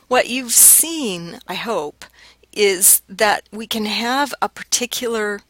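Bright, dry-voiced woman lecturing. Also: fairly low pitch, no room sound. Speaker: linguistics lecturer. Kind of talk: recorded lecture.

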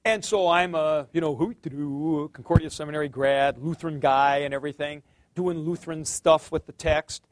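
A man's voice: fairly high pitch, fairly even intonation, normal speed, dry recording. A middle-aged man giving a casual theology lecture, rambling, with many fillers and restarts. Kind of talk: conversational lecture.

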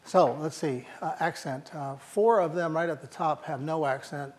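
A man's voice: fairly high pitch, normal speed, a little mellow. An older man giving a university lecture, thinking aloud with fillers and restarts and slipping in dry jokes.

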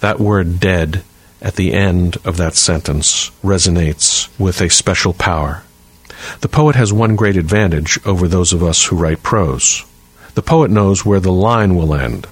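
Male podcast host, very low voice with a husky edge, measured scripted reading of a writing tip. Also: no echo. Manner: measured, clear and deliberate reading.

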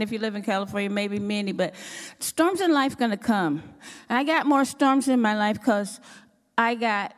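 A woman sharing a testimony at church, telling her story with animated, expressive delivery. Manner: expressive, acts out her own quotes with sudden pitch jumps. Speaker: church speaker giving a testimony. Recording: long hall reverb.

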